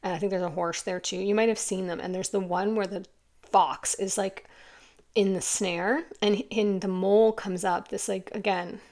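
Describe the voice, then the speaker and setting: Gravelly-voiced woman giving an earnest tarot reading. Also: medium pitch, fairly even intonation, moderate pace, darkish tone. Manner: earnest, emotional, rambling with many fillers. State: tearful at times. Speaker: tarot reader. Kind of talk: casual spoken tarot reading.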